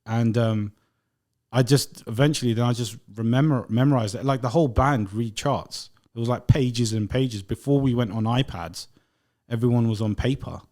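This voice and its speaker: A man, a musician guest, talks in a relaxed, rambling way during a casual interview. He laughs often and trails into fillers as he recalls things. His voice sits at an average pitch for a man. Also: normal speed.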